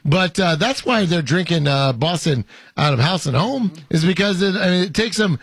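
A man's voice: sits high, lively intonation, normal speed, a bit bright, husky, no echo, studio quality. A man hosting a casual talk show, reading viewer comments and talking playfully with many hesitations. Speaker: host.

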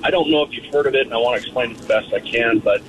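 A man's voice: medium pitch, rapid-fire, noisy background. Hesitant male caller over a phone line. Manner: hesitant, searching for words. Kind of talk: phone-in question.

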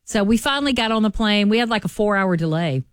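A woman's voice: mid-range voice, quick pace, clear, resonant tone, no echo. Southern woman telling a story, dry studio. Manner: animated storyteller, addresses listeners as y'all. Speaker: radio morning show co-host. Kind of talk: casual storytelling chat.

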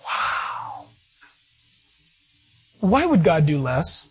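A middle-aged male pastor delivering a sermon, telling stories in an animated, playful way with asides. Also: high-pitched, takes it slowly, long pauses, husky, faint music behind.

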